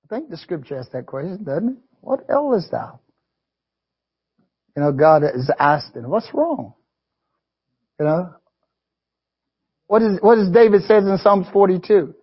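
A man delivers a sermon in a high, breathy-edged voice, reading scripture aloud in a preaching cadence. He keeps checking in with his listeners through "amen" and "you know". The recording sounds muffled and lo-fi. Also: moderate pace. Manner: call-and-response asides, frequent "amen" and "you know". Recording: dull lo-fi recording.

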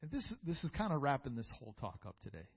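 A man's voice: medium pitch, big pitch swings, fast talker, gravelly, slightly rough, highs cut off. A man preaching a sermon in a church, reading scripture aloud and building to fervent peaks.

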